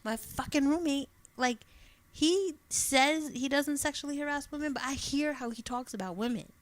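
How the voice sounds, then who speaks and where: A woman's voice: high voice, normal speed. A woman co-hosting a podcast, talking candidly in casual chat, swearing freely and acting out what people said. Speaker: podcast co-host.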